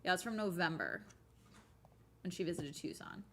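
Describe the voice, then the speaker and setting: A woman's voice: fairly low pitch, expressive, normal speed, a bit bright, a little hiss or hum. Chatty young woman reading news aloud. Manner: chatty, thinks aloud, trails off with filler sounds. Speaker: streamer. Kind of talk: casual commentary while reading articles aloud.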